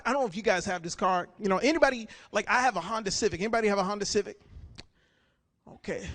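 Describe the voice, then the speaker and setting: A man's voice: very high-pitched, a bit bright. A man doing a live stand-up set at a gala, casual and chatty, repeating words as he goes. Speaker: stand-up comedian. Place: gala banquet hall with an audience.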